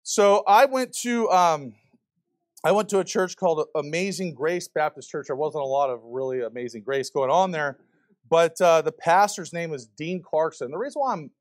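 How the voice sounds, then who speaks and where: A man's voice: a little high, lively intonation, normal speed. A man preaching a fiery sermon to a church congregation, firing rhetorical questions at the pews. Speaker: visiting preacher.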